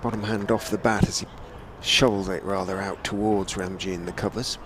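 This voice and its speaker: Low-voiced cricket commentator. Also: male voice, background noise. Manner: measured, chatty, lifts to excited calls on big shots. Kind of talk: radio-style ball-by-ball commentary. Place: commentary position on a stadium hotel roof.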